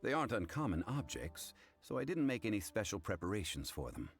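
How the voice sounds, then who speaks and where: An actor playing a composed, dignified gentleman in a video game who speaks formally and calmly. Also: fairly low pitch, soft background music. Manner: measured, formal, calm.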